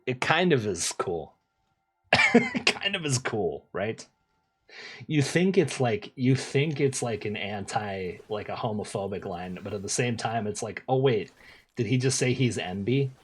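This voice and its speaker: A young man streaming a game, chatting casually with viewers in relaxed slang, repeating phrases and laughing often. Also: medium pitch, unhurried, husky. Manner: laid-back slang, lots of laughing and repeating himself. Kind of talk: casual gameplay streaming, reading chat.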